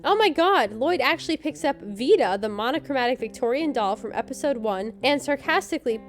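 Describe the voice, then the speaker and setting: A woman's voice: sits high, lively intonation, fairly quick, faint music behind. Snarky woman recapping a TV episode. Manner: sarcastic, snarky commentary. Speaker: podcast co-host.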